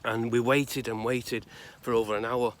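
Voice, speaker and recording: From Salford, England, this grave-visiting vlogger has a mid-range voice and flat delivery. Recording outdoors in a cemetery, he rambles conversationally with lots of pauses through a casual tribute and storytelling, outdoor noise audible behind him.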